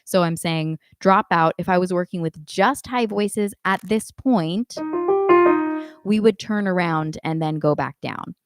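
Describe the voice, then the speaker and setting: A woman teaching a live online singing class, giving calm instructions and demonstrating warmup sounds herself. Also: fairly low pitch, a little slow. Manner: coaching, demonstrates vocal exercises between instructions. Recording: dry close sound with faint piano.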